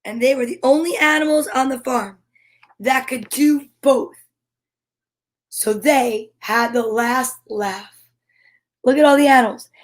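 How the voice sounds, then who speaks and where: A woman reads a children's picture book aloud, slow and unhurried. Her voice sits high, and she plays the story out with animal noises.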